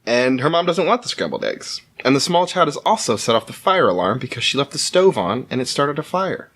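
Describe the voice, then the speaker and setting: Male podcast co-host, animated delivery, relaxed and joking recap. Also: medium pitch, brisk. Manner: recaps plot in a joking, laid-back way.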